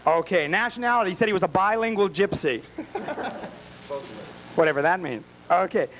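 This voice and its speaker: A man with a high voice emcees a campy live game show in a small bar. He teases and wisecracks his way through the introductions, over a faint layer of noise. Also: expressive, normal speed, fairly bright tone, rough recording. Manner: teasing, wisecracking.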